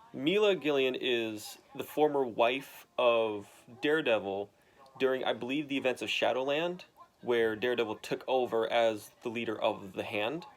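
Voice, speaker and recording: A young man talks through a comic book plot in a loose, rambling way, full of "like" and restarts. His voice sits at an ordinary middle pitch, and he slips into the characters' lines as he goes. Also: slight background noise. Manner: rambling, filler-heavy retelling with quick quoted voices. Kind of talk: casual retelling of a comic story.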